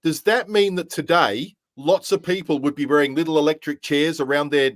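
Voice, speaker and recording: A man co-hosting a podcast who calls himself a secularist, chatting with wry, deadpan humor. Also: on the high side, moderate pace, no echo. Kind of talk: casual chat.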